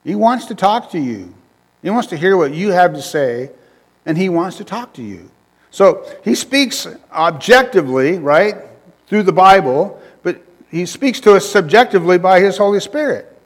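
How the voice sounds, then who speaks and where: A man's voice: high-pitched, expressive, normal speed. A male preacher giving a sermon in a conversational style, repeating phrases and joking with the congregation. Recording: long reverb of a hall.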